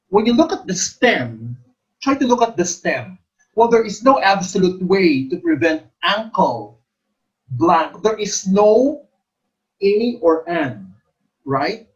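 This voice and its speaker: Middle-aged male teacher, unhurried, repeats key terms. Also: high-pitched, rough recording. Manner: explains slowly, repeats terms and stresses syllables. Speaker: exam review teacher. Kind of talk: teacher-exam coaching lecture.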